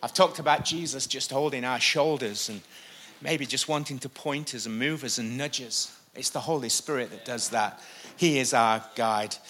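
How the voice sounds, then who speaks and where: At normal speed and in a mid-range voice, a male pastor gives a sermon on a church stage. His delivery is emphatic and animated, with a few jokes mixed in.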